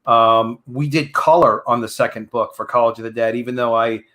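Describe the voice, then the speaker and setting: A man's voice: mid-range voice, fairly even intonation, fairly quick, bright, forceful tone. A man, a comic book creator, chatting easygoingly on a remote livestream call, with many hesitant fillers. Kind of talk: casual chat.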